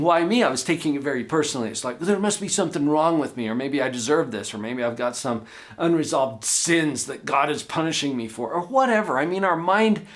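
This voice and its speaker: Earnest man with a strained voice. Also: fairly high pitch. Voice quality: voice at times strained and strangled. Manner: earnest, emphatic, asks listeners questions. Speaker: host of a self-improvement channel. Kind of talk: motivational talk to camera.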